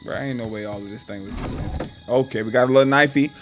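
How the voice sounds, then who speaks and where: Loud, playful man streaming a game. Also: lowish voice, fast, music in the background, rough recording. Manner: loud, playful trash talk with sudden excited cries. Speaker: gaming streamer. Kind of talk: casual gameplay commentary.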